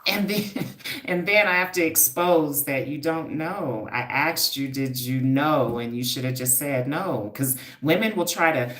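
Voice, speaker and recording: A hair stylist and wellness coach hosts a casual livestream, speaking directly to her viewers in an emphatic, preachy manner and repeating points for effect. Her voice sits low and a bit bright, at a measured pace, in an echoey room.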